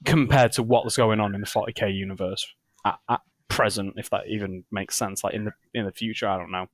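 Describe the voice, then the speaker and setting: A man's voice: fairly low pitch, fairly even intonation, brisk, no room sound. A man co-hosting a podcast in casual chat, jokey and rambling, laughing often. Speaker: podcast co-host.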